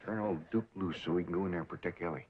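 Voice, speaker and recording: An actor playing a calm, plain-spoken hillbilly uncle with a rural Southern accent and dry, folksy understatement. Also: male voice, low-pitched, rapid-fire, lightly acted. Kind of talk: 1960s sitcom acting. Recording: dull, noisy 1960s TV soundtrack.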